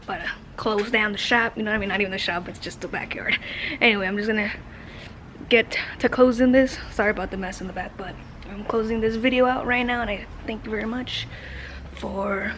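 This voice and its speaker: Woman, cooking vlog host, rambling chatty talk, casual swearing, mid-pitched voice, backyard outdoors, clear outdoor noise. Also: fairly even intonation, a little fast, fairly bright tone.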